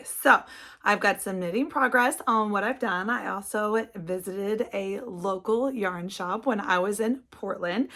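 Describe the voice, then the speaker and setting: A middle-aged woman hosts a crafting video from her couch at home. She talks in a chatty, rambling way with lots of restarts. Her slightly high voice has a gravelly fry. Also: fairly bright tone. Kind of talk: casual chat. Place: indoors, sitting on a couch at home.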